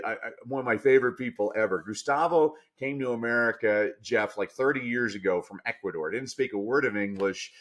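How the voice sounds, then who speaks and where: A man speaking as a guest on a podcast, telling coaching stories with lots of energy, jumping from low asides up to loud, emphatic punchlines. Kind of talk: animated storytelling in a podcast interview.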